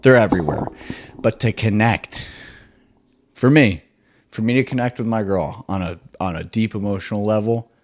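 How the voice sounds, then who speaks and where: A man hosting his own podcast, ranting solo in an excitable, profane, rambling way. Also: lowish voice, normal speed, pauses often. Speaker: podcast host.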